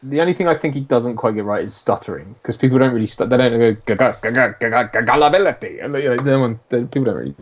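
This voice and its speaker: A man's voice: medium pitch, lively intonation, racing, few pauses, a little mellow. A man chatting casually about a film as podcast co-host, laughing often and quoting lines. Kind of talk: casual film commentary chat. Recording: slightly dull lo-fi audio.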